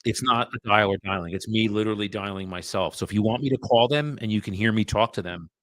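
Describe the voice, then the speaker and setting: A man's voice: lowish voice, quick pace, fairly bright tone, dry recording. A man, a real estate agent chatting bluntly and with some profanity to live-stream viewers while his dialer runs. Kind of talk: casual live-stream chat.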